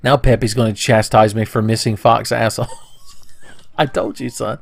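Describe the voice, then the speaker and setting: A man's voice: medium pitch, fairly even intonation, normal speed, creaky. A young man casually commentating a video game playthrough, joking, swearing and putting on silly voices. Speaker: let's play commentator.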